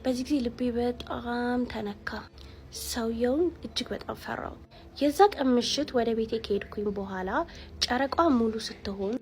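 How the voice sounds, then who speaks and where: Rapid, gravelly woman telling a scary story. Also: on the high side, darkish tone, slight background noise. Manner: mixes English words into speech.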